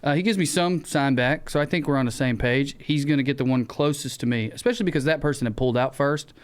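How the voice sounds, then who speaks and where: A man with a Southern US accent, co-hosting a podcast, who tells a story in casual chat, acting out the shouted lines and swearing freely. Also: medium pitch, fast, clean tone. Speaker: podcast co-host.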